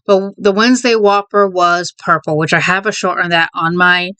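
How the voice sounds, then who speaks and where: A woman's voice: lowish voice, fairly even intonation, normal speed, pushed and bright, smooth, dry recording. A woman casually chatting in a vlog, out of breath, rambling and correcting herself with a slight stutter. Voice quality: mild stutter. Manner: rambling, self-correcting, laughs often. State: out of breath, holding in a sneeze. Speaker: video creator.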